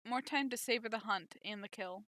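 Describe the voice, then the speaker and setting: A woman's voice: on the high side, brisk, a bit bright, dry recording, lightly acted. A woman reading aloud as a cruel, mocking male villain general who rides a dragon. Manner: mocking, taunting.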